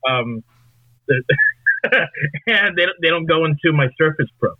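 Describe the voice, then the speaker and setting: A man's voice: a little high, lively intonation, measured pace, no echo. A man joking in a laid-back way on a podcast, sounding far from his microphone. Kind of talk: casual chat. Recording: dull remote mic sounding far away.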